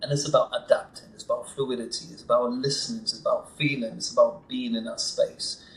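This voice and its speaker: A man's voice: mid-range voice, flat delivery, fairly quick. A man talking as a podcast guest in a casual interview, enthusiastic and emphatic, sometimes acting out what others say. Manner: enthusiastic, emphatic, acts out quotes. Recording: echoey room with faint noise.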